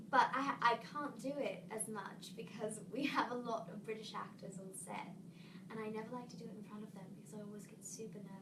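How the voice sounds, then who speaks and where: Young actress, bright higher voice, bubbly and self-deprecating; recorded far from the mic with noise behind. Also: female voice. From American South, raised in Missouri. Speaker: actress guest. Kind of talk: press day interview. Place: press day room. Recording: echoey, distant mic with background noise.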